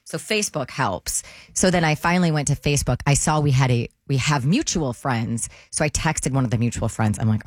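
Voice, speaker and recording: A woman co-hosting a morning radio show, telling a lively story and acting out the voices of the people in it. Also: very deep voice, a little fast, no echo, clean studio sound. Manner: animated storytelling, acts out quotes. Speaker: radio co-host.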